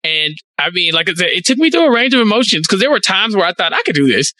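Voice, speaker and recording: A man chatting casually as a podcast co-host, animated, telling a story full of "like" fillers. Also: high voice, quick pace. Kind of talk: casual chat.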